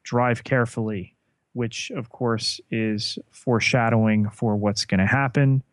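A man co-hosting a podcast, recapping a TV episode in a measured way with frequent fillers. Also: mid-range voice, fairly even intonation, no echo. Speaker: podcast co-host.

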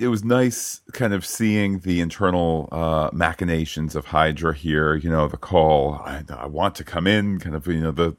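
A man co-hosting a podcast, recapping a TV episode in casual, animated chat with frequent restarts and asides. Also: a bass voice, no echo, studio quality. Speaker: podcast co-host.

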